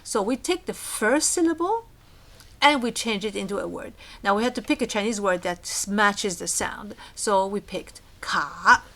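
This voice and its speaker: A woman's voice: mid-range voice, animated, normal speed, fairly bright tone. A woman teaching a recorded language lesson, explaining patiently and acting out small scenes as examples.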